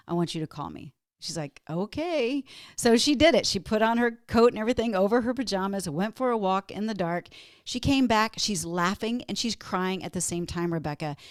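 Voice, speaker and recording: A woman's voice: medium pitch, no echo, studio quality. A woman from Minnesota, a wellness guest on a podcast interview, telling stories in an upbeat, motivational way.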